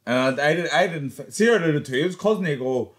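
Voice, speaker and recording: Slightly high-voiced man cohosting a podcast. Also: animated, fast talker, a bit bright. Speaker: podcast co-host. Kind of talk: casual podcast chat.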